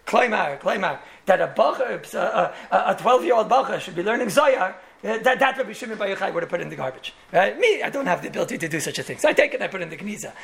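Gravelly-voiced rabbi teaching a lecture. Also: male voice, high-pitched, lively intonation, fast, hardly any pauses, fairly bright tone. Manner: storytelling with repeated words and chuckling asides. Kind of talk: Torah lecture in English laced with Yiddish and Hebrew terms.

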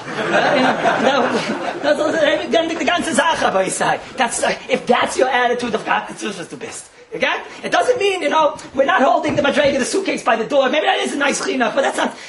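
A man gives a Torah class, jumping from teaching into storytelling with a lively, swinging pitch. He speaks quickly and laughs often as he talks.

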